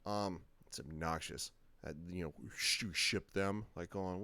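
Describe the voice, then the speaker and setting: A man's voice: sits low, unhurried, bright, forceful tone, dry recording. Guy rambling on his reaction channel, lots of "like, going", dry close sound. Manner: rambling, many fillers and restarts. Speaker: channel host. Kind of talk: casual reaction commentary.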